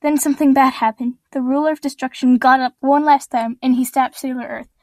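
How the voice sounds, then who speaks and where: A woman's voice: high-pitched, steady tone, brisk, a little mellow, dry recording. A woman reading her own adventure story aloud in a plain, earnest storytelling voice.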